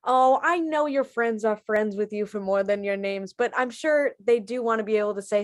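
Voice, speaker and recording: A woman's voice: medium pitch, moderate pace, few pauses, no echo. Woman host introducing comics, dry sound. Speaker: show host.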